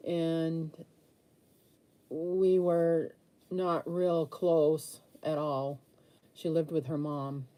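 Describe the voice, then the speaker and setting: A woman's voice: sits low, flat delivery, very slow, pauses often, warm tone. A woman in her sixties, chatting candidly with viewers while she paints during a live stream. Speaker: livestream host answering viewer comments.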